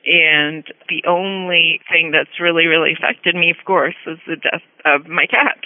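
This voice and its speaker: A woman's voice: low voice, measured pace, no echo. A woman calling in as a guest, who talks hesitantly and laughs often. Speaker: guest client. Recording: tinny phone line.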